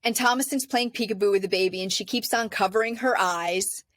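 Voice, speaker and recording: A woman co-hosting a podcast talks through a movie's plot in a loose, chatty way, sprinkling in fillers as she goes. Her voice sits at a middle pitch. The sound is close and dry, with no room around it. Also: a little fast, no echo. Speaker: podcast co-host. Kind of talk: casual movie discussion.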